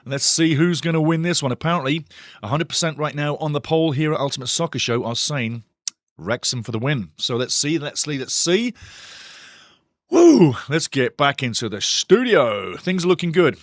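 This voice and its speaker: A man hosting a live football watch-along stream, chatty and excitable as he greets his chat and reads out the lineups. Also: fairly high pitch, brisk, dry recording, studio quality. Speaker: watch-along show host.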